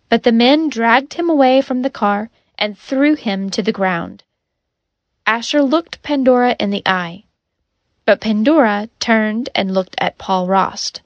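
A woman narrating a story in a measured, even audiobook reading. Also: medium pitch, no room sound. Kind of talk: slow, clear audiobook narration.

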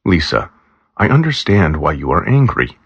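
A man voicing a stubborn young cop who reassures his partner in a calm, teasing way. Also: low-pitched, moderate pace, husky, no room sound, muffled recording, full character voice. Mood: earnest.

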